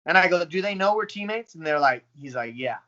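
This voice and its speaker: A man in his thirties, a professional fighter, telling his story in a casual, profane, animated way. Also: a little high, brisk, lo-fi sound. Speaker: pro fighter. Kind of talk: casual interview talk.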